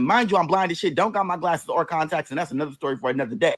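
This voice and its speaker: A man's voice: on the high side, very fast, a bit bright. A man telling a long personal story in casual, sassy, profane storytime style.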